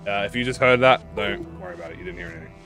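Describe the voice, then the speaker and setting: A young man with a fairly low voice streams a video game, talking very fast to his viewers as game music plays behind him. His casual commentary rambles and pokes fun at himself.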